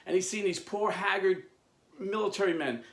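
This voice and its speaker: A man hosting a video, telling a historical story in an animated, emphatic way. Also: high-pitched, moderate pace, reverberant. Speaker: video host. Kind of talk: impassioned storytelling.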